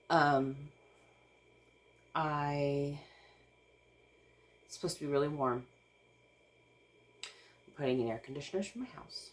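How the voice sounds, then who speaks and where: A woman's voice: rumbling low, slight background noise. A woman, vlogging casually while overwhelmed and close to tears, rambling with restarts and nervous laughs. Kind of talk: casual vlog talk to camera.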